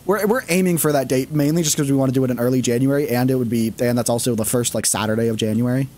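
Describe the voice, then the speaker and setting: A man's voice: medium pitch, very fast, a little mellow. A man streaming a game, chatting casually and rambling with plenty of fillers. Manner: rambling, lots of fillers and laughs. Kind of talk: casual chat.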